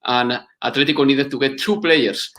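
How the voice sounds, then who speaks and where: Bright-voiced man, hesitant guest. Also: mid-range voice, fairly even intonation. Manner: thoughtful, pauses with many uhs. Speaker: podcast guest. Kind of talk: casual interview answers.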